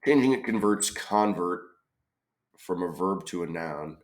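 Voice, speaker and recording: A man's voice: sits low, animated, measured pace. A man solving a crossword aloud, musing tentatively and often trailing off with questions. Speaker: crossword solver. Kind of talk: thinking-aloud puzzle solve.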